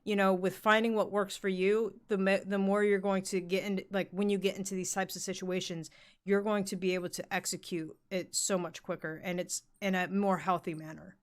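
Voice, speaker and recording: A woman's voice: mid-range voice, flat delivery, fairly quick. A young woman co-hosting a podcast in casual chat, talking candidly, swearing freely and leaning on "like" a lot. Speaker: podcast co-host.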